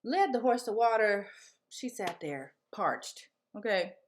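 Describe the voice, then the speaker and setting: A young woman vlogging, telling a story in a casual, slangy, animated way and acting out what people said. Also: medium pitch, slow, background noise. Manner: animated, slangy, acts out quotes.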